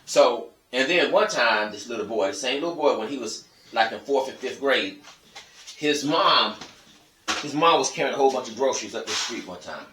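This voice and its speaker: Man vlogger, blunt and profane, bright tense edge, a bit far off the mic. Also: medium pitch, lively intonation, moderate pace, reverberant, a little hiss or hum. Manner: blunt, profane, emphatic ranting to viewers. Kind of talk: casual storytelling monologue.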